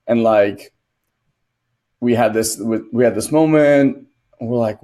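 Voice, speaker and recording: A man's voice: mid-range voice, a little slow, pauses often, warm tone. A man who is a father, co-hosting a casual coaching podcast and earnestly telling a personal story. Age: adult, a father. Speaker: co-host and transformation coach.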